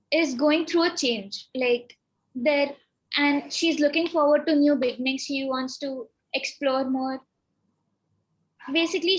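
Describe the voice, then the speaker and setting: An acting student explains her character choices. Her voice is high and clear. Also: a bit bright, rough recording. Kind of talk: class discussion.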